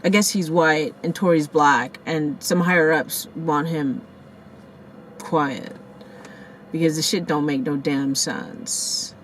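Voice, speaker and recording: A woman vlogging in a casual storytelling style outdoors, shaken and in shock, talking fast and cursing as she retells a crash and acts out what people said. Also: deep voice, slight background noise, low-quality recording. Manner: profane, animated, rants and acts out quotes. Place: outdoors near a parking lot by the beach.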